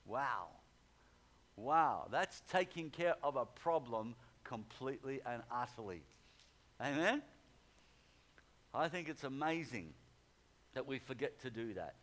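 A man's voice: mid-range voice, expressive, slow pace, long pauses, fairly bright tone. Man, preacher, chatty sermon, repeats phrases for emphasis.

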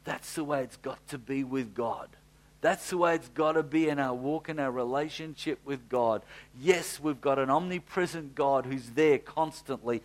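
Middle-aged pastor, lively storyteller from the pulpit, mid-pitched voice. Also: male voice. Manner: animated storytelling, swinging from loud to hushed. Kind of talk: sermon.

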